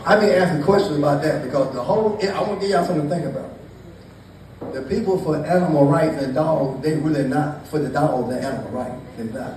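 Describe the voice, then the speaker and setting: Profane stand-up comic in an echoey room. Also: male voice, a little high, a little fast, a little mellow. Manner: loose, profane, teasing the audience. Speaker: stand-up comedian. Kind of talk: stand-up storytelling to a live crowd. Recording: echoey, distant mic with noise.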